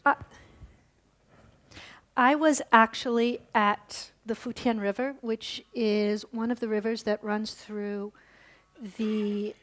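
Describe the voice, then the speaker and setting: A woman speaks at a conference podium in a mid-range voice, telling a story before unpacking its meaning. She explains things plainly and often pauses on fillers and restarts as she goes. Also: medium pitch. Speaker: lecturer. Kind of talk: conference lecture. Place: lecture hall.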